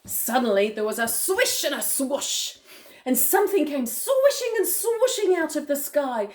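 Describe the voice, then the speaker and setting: An older woman reads a picture book aloud to her grandchild in a playful, animated way. Her voice is high and lively, climbing and dropping all over the place as she reads. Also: measured pace. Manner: animated, playful, with gasps and chuckles.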